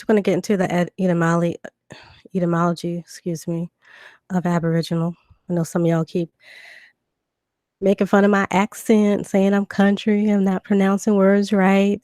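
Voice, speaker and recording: A livestream host from Virginia, with a bit of Georgia twang, chats loosely on her stream, reading definitions while recovering from illness, with lots of ums and restarts. Her voice is low for a woman and dark in tone, recorded dry and close on a desk computer mic.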